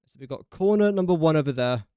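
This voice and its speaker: Chatty young streamer, slightly high. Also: male voice, lively intonation, quick pace, warm tone, smooth, no room sound, studio quality. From England. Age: young adult. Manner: chatty, talks himself through each build step. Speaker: gaming streamer. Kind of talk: casual live gameplay commentary.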